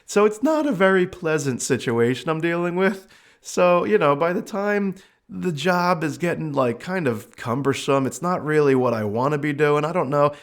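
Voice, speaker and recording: A man's voice: on the high side, normal speed. Chatty man telling a personal story. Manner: animated, chatty, many fillers. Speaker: podcast host.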